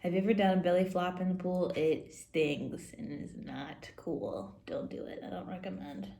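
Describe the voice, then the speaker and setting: A woman teaching Sunday school who reads a silly picture book aloud to children, playful and quick to giggle. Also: lowish voice, vocal fry, warm tone, a little hiss or hum. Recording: roomy echo.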